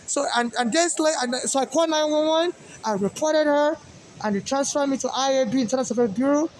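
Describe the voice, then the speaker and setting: A man's voice: very high-pitched, darkish tone, a little hiss or hum. A man from Nigeria with a Nigerian accent, rambling in an agitated monologue with many fillers and restarts. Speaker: activist vlogger. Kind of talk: monologue to camera.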